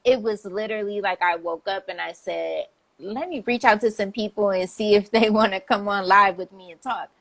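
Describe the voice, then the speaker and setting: A woman's voice: medium pitch, normal speed, creaky, fairly bright tone. A woman hosting a casual live-stream chat, upbeat and laughing often. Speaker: host, publicist. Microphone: phone or video call.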